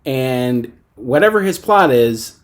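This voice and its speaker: A man's voice: medium pitch, lively intonation, takes it slowly. A man co-hosting a casual pop-culture podcast, recapping scenes and acting out lines in mock voices. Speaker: podcast co-host.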